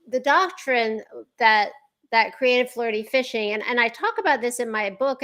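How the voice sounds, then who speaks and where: A woman's voice: on the high side, fairly bright tone. A woman author speaking as an interview guest over a video call, telling her story conversationally with many fillers.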